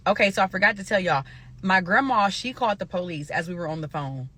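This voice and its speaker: A young woman from Nebraska telling a story to her viewers in a casual, animated, profane way. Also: medium pitch, quick pace. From Omaha, Nebraska.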